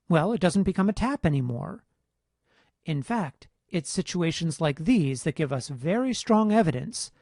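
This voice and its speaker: A man lecturing on phonetic transcription in a measured, explanatory teaching tone. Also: on the high side, a little mellow, no echo, studio quality. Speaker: linguistics instructor.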